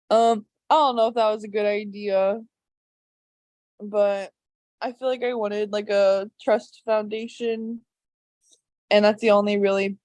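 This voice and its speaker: A woman's voice: medium pitch, a little mellow, dry recording. A young woman, a game contestant, talking in a hesitant confessional with many fillers. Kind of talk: casual confessional interview.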